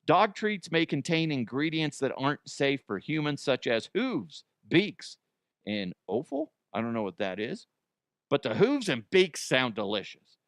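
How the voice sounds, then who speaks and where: A man's voice: medium pitch, big pitch swings, unhurried, no room sound, studio quality. An American man hosting a comedy news show, giving a crude, profane, self-mocking monologue. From United States.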